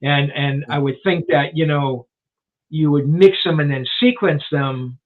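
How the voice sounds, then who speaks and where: A man in his sixties, a guest journalist, tells an anecdote in a fairly high, chatty voice. He rambles and restarts his sentences, leaning on "you know" as filler. The sound comes through thin and phone-like, as over a call. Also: a little slow. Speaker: guest rock journalist and author. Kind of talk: casual storytelling in a live interview. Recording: tinny phone-like line.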